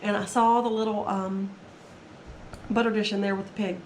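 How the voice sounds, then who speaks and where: A woman with a mid-range, level, slightly mellow voice speaks at a moderate pace in a casual haul video, rambling chattily about items she's reselling. Her voice sounds a bit strained since she's getting over being sick; the room is echoey, with faint ambience and slight background noise.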